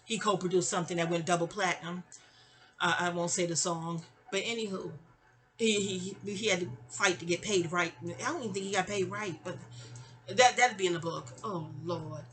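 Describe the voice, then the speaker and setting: Woman in her fifties, bright tense voice, digressive storytime, animated exclamations. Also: lowish voice, moderate pace. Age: 50s. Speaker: vlogger. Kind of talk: rambling storytime monologue.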